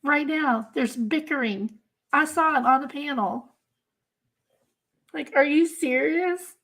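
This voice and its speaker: A woman with a high-pitched, fairly bright voice speaks slowly while hosting a livestream on her crime channel. Her talk to chat is casual but emphatic and exasperated, with deliberate repetition for effect.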